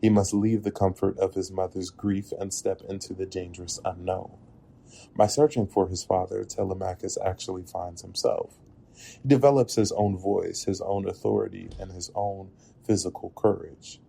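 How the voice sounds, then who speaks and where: A man with a very deep, gravelly voice delivers a reflective spoken essay. His tone is dark and husky, and his pacing is measured and earnest. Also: fairly even intonation. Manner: measured, earnest, with occasional laughs at slips. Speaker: narrator.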